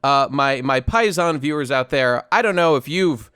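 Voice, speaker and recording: A man hosting a casual podcast chat, quick and jokey with a mock-snobbish edge. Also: mid-range voice, animated, fairly bright tone, clean tone, no echo. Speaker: host.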